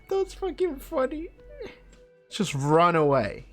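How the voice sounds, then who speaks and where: A man's voice: extremely high pitch, huge pitch swings, slow pace, faint music behind. A man streaming a video game, giggling and reading the on-screen text aloud in casual commentary. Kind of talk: casual let's-play commentary.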